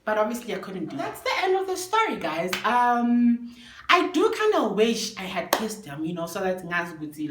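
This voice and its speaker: A young South African woman telling a story to camera in a casual, animated way, switching languages and swearing freely. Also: mid-range voice, moderate pace, reverberant, background noise. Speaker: storytime vlogger.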